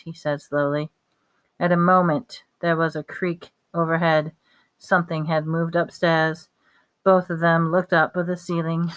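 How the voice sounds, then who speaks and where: A woman reads a novel aloud in a smooth, clean voice set slightly low. Her pace is steady, with small slips she catches and re-reads. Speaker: reader.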